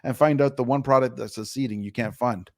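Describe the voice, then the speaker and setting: A man's voice: medium pitch, fairly quick, a little mellow, no echo, clean studio sound. Blunt, down-to-earth man. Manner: blunt, down-to-earth, mildly profane. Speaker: guest. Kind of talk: casual interview advice.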